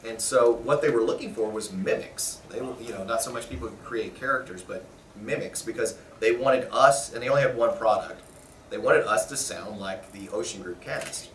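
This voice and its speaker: A man, a voice actor, telling stories casually in a convention press interview, animated and often laughing. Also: lowish voice, moderate pace, a little hiss or hum. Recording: roomy echo, mic at a distance.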